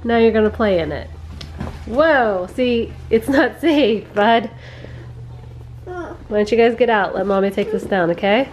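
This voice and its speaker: A young woman, a mother, narrating a casual family vlog at home and talking gently to her toddlers. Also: fairly high pitch, a little slow, pauses often, slight background noise.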